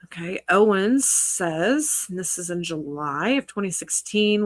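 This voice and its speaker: A woman's voice: lowish voice, lively intonation, moderate pace, hardly any pauses, no room sound. A woman commentary creator reading text messages aloud, with sarcastic asides between the quotes.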